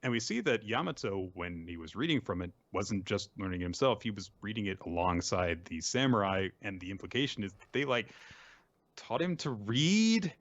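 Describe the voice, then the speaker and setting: Deep-voiced man recapping manga. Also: animated, fairly quick, hardly any pauses, a bit bright, no room sound. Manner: retells scenes, mimicking characters' lines. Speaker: podcast host. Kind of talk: casual comic manga recap.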